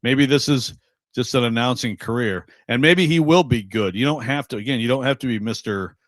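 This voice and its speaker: A man's voice: medium pitch, a little fast, no room sound. A man from Western Michigan co-hosting sports radio, chatting in a rambling, jokey way. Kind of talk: casual radio banter.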